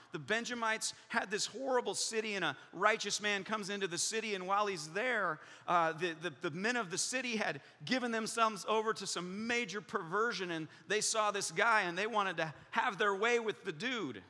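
A male pastor preaching a sermon, telling a personal story with acted-out voices, frequent laughter and lively delivery. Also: sits high. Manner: animated storytelling, acts out voices, laughs often. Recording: long hall reverb in a large room.

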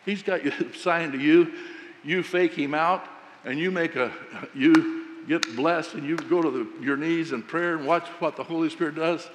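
A man preaching a sermon, telling a folksy story about coaching and quoting himself with animated emphasis. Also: on the high side, moderate pace, big-room sound, a little hiss or hum.

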